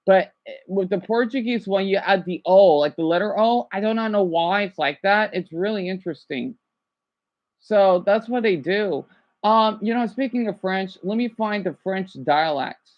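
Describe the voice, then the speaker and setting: A woman's voice: mid-range voice, moderate pace, dull audio. A woman vlogger chatting casually as she watches a video, repeating herself and sounding out foreign words.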